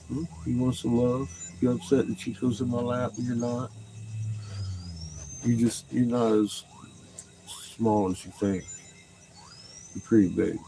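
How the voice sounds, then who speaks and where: A man at home talking casually to his dogs, swearing freely and slipping into high coaxing pet talk. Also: little pitch movement, a little slow, vocal fry, long pauses, background noise.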